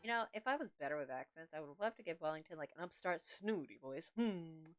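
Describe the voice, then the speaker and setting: Woman, streamer, jokey casual asides, lively pitch, game music. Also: fast. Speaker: gameplay streamer. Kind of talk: casual commentary over gameplay.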